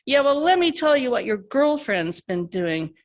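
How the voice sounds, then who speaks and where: Lady putting on a crude drawling dealer guy, mean and snarly, gravelly voice. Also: extremely high pitch, sing-song, moderate pace, pitched above the performer's own voice, full character voice. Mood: menacing. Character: rude, violent male drug dealer.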